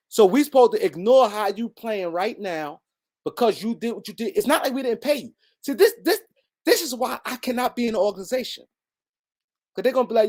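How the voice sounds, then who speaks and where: A man's voice: extremely high pitch, expressive, fairly quick, a little mellow. A man hosting a heated solo sports commentary, repeating his points for emphasis and talking straight at absent players.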